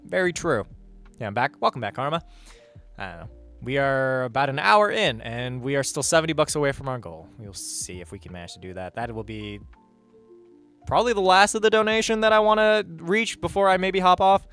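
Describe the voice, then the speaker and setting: A man's voice: fairly high pitch, animated, fairly quick, fairly bright tone, clear, resonant tone, faint music behind. A man chatting casually on a livestream, reading chat and rambling with hesitant, profane asides.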